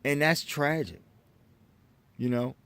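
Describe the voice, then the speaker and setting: Lecturing American man, halting restarts. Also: on the high side, a bit bright, clean tone, dry recording. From United States. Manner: lecturing, repetitive restarts, addresses viewers as folks. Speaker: vlogger. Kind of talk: opinion monologue to camera.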